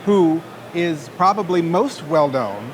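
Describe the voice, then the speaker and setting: A man's voice: on the high side, expressive, slow, noisy background. A man interviewing a guest at a comic convention, friendly and full of compliments. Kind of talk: casual interview.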